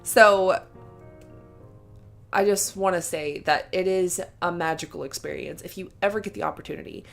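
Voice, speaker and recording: Soft music plays behind this vlogger, a young woman whose voice sits on the low side, with vocal fry and a moderate pace. Telling her story, she gets gushy and emotional, fills gaps with "like" and "um," and keeps laughing between lines.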